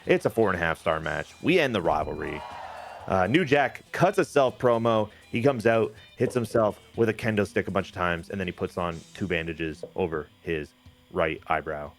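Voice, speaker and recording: A man giving animated, jokey play-by-play of a wrestling video game, telling the story of each match with quick asides. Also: sits low, soft background music. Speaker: game commentator.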